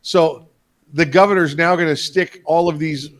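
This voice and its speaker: A man's voice: a little high, steady tone, moderate pace. A man hosting a casual political talk show, chatty and full of fillers and restarts, speaking from Florida. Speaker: podcast host.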